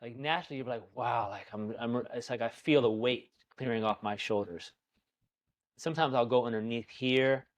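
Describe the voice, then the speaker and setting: A man teaching qigong in a conversation, calm and soothing, who often checks in with "right?". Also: mid-range voice, moderate pace. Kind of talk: guided practice in conversation.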